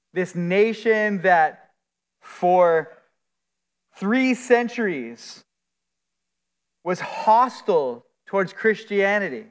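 Male pastor, high register, slow emphatic preaching, recorded in a reverberant sanctuary. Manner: earnest, emphatic preaching with drawn-out stresses. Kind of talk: sermon. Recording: long hall reverb.

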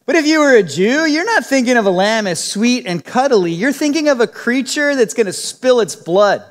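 A man with a strikingly high voice preaches a verse-by-verse Bible teaching, chatty and animated, acting out the lines of the people he quotes. His pitch swings widely, and a long reverb from the hall trails every phrase. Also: moderate pace. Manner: conversational, acts out quotes with shifting voices. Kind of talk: expository Bible teaching sermon.

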